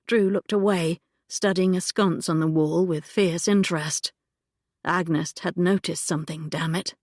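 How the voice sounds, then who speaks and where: A woman narrating an audiobook in a measured, even manner on a close microphone. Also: on the low side, no room sound.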